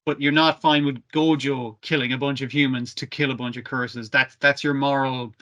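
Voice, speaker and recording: A man's voice: mid-range voice, normal speed, dull audio. A man recapping anime on a podcast in casual chat, swearing a lot and acting out the characters' lines. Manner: swearing, animated, acts out quotes. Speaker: podcast co-host.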